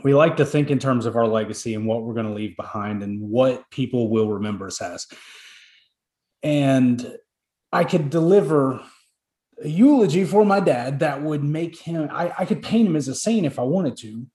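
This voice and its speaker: A man hosting a casual chat, talking in a measured, reflective way with some hesitation. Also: medium pitch, dark tone. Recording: roomy echo.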